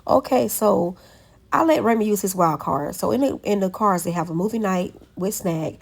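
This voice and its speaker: A woman's voice: medium pitch, lively intonation, moderate pace, creaky, slightly rough. A woman, telling a story to her viewers in a chatty, affectionate way and calling them baby. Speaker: vlogger. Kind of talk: casual vlog chat.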